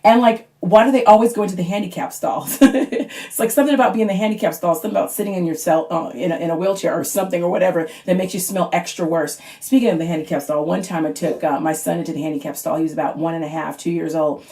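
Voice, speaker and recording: A woman in her thirties doing a stand-up comedy monologue at home, chatty and animated, sometimes squeaking out her kids' lines. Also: fast. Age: 30s. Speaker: stand-up comic auditioning.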